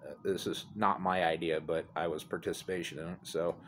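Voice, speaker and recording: A man's voice: sits low, steady tone, a little fast, fairly bright tone, a little hiss or hum. A middle-aged man telling a rambling, profane, self-deprecating story into his phone outdoors. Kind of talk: casual storytelling to a phone camera. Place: outdoors near apartments. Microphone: phone held by speaker.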